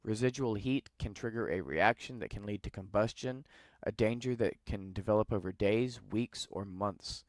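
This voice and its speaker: A podcast host with a lowish voice reads news articles aloud at normal speed, breaking off into sarcastic, dismissive asides. It's recorded live with no editing, in dry, studio-quality sound.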